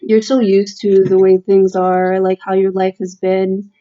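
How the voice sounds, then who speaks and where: A woman's voice: mid-range voice, little pitch movement, a little slow, dark tone, muffled recording. A woman giving a casual, heartfelt tarot reading, earnest and emotional, talking with many fillers and restarts. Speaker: tarot reader.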